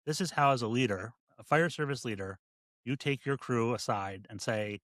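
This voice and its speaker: A man's voice: mid-range voice, fairly bright tone, no room sound. Fire chief guy guesting on a podcast, mid voice, keeps restarting his sentences, dry mic. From United States. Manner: halting and reflective, many restarts. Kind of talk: casual podcast conversation.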